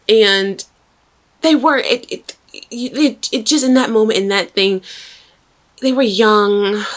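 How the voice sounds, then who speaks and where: A woman telling a personal story to her viewers in a chatty, animated way, talking straight to the audience. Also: mid-range voice. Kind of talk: casual storytime vlog.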